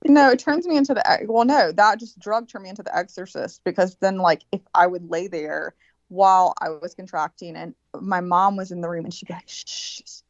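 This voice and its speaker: A woman's voice: fairly low pitch, fairly quick, no echo, dull audio. A woman in casual chat, telling a vivid, profane story and acting out the quotes of the people in it. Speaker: birthday guest.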